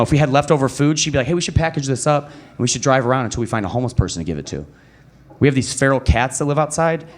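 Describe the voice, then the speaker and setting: A young man performing a stand-up comedy set at a comedy club, telling a story and acting out quoted voices. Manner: animated storytelling, acting out quotes with pitch jumps. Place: comedy club stage before a live audience.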